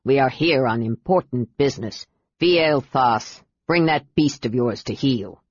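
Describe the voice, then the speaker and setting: A reader voicing a gruff, good-humored male emperor who gives slow, authoritative orders. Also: medium pitch, no echo, lo-fi sound, pitched below the performer's own voice. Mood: commanding.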